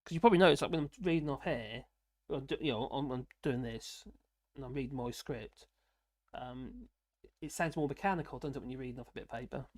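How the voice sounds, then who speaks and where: A man's voice: mid-range voice, a little fast, dry recording, clean studio sound. Tired man rambling on stream. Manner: rambling, with many fillers and restarts. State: tired, slurring a little. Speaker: political commentary streamer. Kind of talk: casual live-stream chat.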